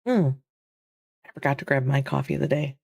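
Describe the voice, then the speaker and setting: A woman's voice: a bass voice, fairly quick, creaky, a little mellow, dry recording. Chatty woman streamer with a Michigan accent. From Michigan, USA. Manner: chatty, rambling, answers chat aloud. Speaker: game streamer host. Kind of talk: casual live-stream chat.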